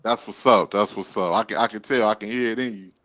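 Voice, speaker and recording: A man's voice: fairly low pitch, fast, bright, forceful tone, no room sound, poor audio. A man chatting casually on a podcast, agreeable and easy, swearing now and then. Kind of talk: casual chat.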